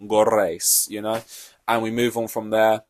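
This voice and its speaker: A man's voice: fairly low pitch, completely flat delivery, a little slow, no echo. A young man hosting a solo podcast, reacting to a race in an offhand, rambling way, swearing freely. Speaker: podcast host.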